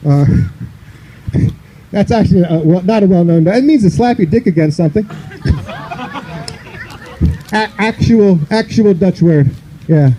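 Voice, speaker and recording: A man's voice: sits high, unhurried, long pauses, warm tone, rough recording. A man from the northern United States doing a loose, rambling stand-up comedy set on an outdoor park stage, filling his talk with "you know".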